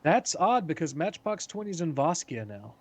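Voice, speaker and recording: A man running a tabletop game as game master, narrating in a quick, relaxed way. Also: a little high.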